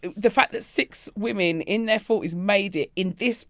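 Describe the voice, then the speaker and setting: A woman's voice: medium pitch, moderate pace, no echo. A woman, chatting casually as a podcast co-host and comedian and acting out the people in her stories. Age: 40s. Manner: animated storytelling, acting out other people's voices. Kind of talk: casual chat.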